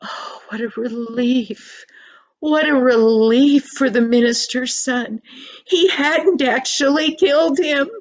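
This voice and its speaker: An older woman telling a children's story slowly and expressively, with dramatic pauses. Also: fairly high pitch, muffled recording.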